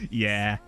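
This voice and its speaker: Reading out viewer comments, a weary male streamer chats loosely about the game, wandering off-topic, poking fun at himself and leaning on fillers. His voice is on the low side and has a sharp tone.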